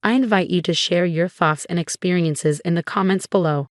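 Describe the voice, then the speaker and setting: A woman giving a scripted first-person story narration in a smooth, steady reading voice. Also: on the low side, normal speed, no echo, clean studio sound.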